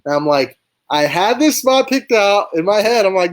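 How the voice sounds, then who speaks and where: A young man tells a long, loose story on a live talk show, jumping into quoted dialogue for each person. His voice sits a little higher than most men's, and he talks casually with plenty of fillers. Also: brisk. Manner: rambling, re-enacting conversations in quotes. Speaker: baseball player guest.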